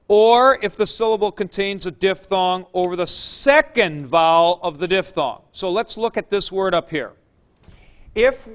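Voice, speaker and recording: Slow, high-voiced man teaching a class. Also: fairly bright tone, clean tone. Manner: chatty, joking asides to students. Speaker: Greek teacher. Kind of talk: classroom lecture.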